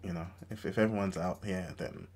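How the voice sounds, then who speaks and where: A man's voice: low voice, fairly even intonation, a little fast, a little mellow. A man, co-hosting a casual podcast chat and talking in a hesitant way that repeats phrases. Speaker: podcast co-host.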